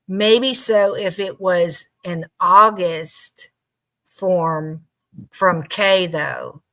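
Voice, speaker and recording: A woman hosting a casual true-crime discussion, unhurried and thinking aloud as she talks. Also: lowish voice, pushed and bright. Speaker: podcast host.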